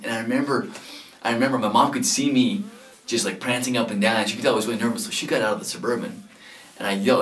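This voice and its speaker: A man in his thirties earnestly telling how he proposed, getting animated as he relives his nerves. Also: mid-range voice, quick pace. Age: 30s. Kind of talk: heartfelt interview recollection. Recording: echoey room, distant mic, soft music behind.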